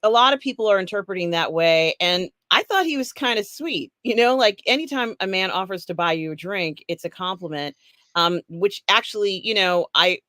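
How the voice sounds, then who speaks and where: A woman's voice: mid-range voice, lively intonation, moderate pace, sharp tone, no room sound, studio quality. A woman co-hosting a casual pop culture chat, frank and chatty, laughing often and talking through lots of fillers. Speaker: co-host.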